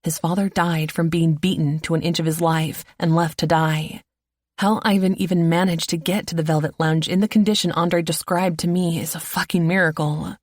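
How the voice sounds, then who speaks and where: Low-voiced female audiobook narrator. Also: fairly even intonation, normal speed, no room sound, clean studio sound. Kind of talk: first-person audiobook narration.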